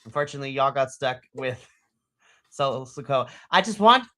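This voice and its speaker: Bright, animated man recapping wrestling. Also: mid-range voice, normal speed. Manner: animated, acts out his own reactions in quotes, laughs often. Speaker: podcast co-host. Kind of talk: casual wrestling recap chat.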